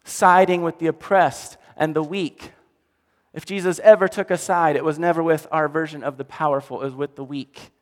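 Male pastor, somewhat high voice, lively storytelling sermon, long hall reverb. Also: moderate pace. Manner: animated storytelling, drops to quiet for emphasis.

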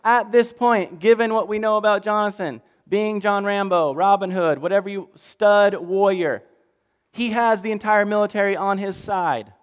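A man preaching a lively, jokey story sermon, swinging between loud bursts and hushed asides. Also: sits high, normal speed, clear, resonant tone, big-room sound. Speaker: pastor.

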